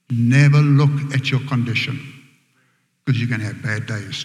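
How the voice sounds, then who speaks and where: A man preacher telling a story in a sermon, dramatic and dropping to hushed whispers, in a large church hall. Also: mid-range voice, normal speed. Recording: echoey hall with long reverb.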